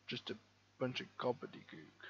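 A man's voice: medium pitch, lively intonation, moderate pace, vocal fry, dull audio, slight background noise. A young man streaming live, thinking aloud as he plays and muttering words to himself as he reads them. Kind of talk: thinking aloud while playing a live game.

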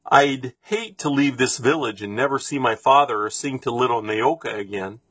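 Storybook: man voicing a gentle kind young woman, husky, dry sound. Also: medium pitch, normal speed, no echo.

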